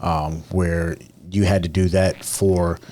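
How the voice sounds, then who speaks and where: A man co-hosts a podcast, telling stories in a laid-back, slangy way with frequent restarts. His voice sits very low. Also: slow. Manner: relaxed storyteller, slangy, restarts a lot. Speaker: podcast co-host. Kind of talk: casual chat.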